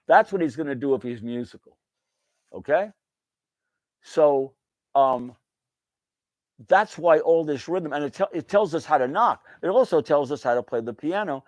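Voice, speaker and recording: A man's voice: on the high side, animated, moderate pace, long pauses, darkish tone, no echo. Dry-voiced man teaching piano rhythm. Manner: sings rhythms aloud with bum and da syllables; folksy, calls notes guys. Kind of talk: casual music lesson.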